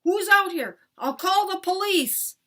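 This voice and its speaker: A woman's voice: on the high side, animated, moderate pace, voice pushed up. A woman voicing a stern, worried father in a storybook read-aloud. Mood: alarmed. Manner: loud scolding. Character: stern worried dad, adult man.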